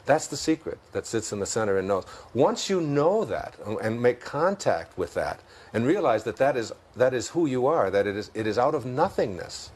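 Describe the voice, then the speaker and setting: A man's voice: medium pitch, sing-song, normal speed, few pauses, darkish tone, breathy edge. A man with a Detroit accent, a guest in an interview, talking reflectively about spiritual ideas and often laughing through his stories. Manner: thoughtful, laughs often while telling stories.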